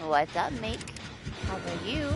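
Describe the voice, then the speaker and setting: A woman with a medium-pitched, very animated voice chats casually and unhurriedly while playing a game live. She greets viewers, swears occasionally, and laughs a lot, with game music behind her and poor audio quality.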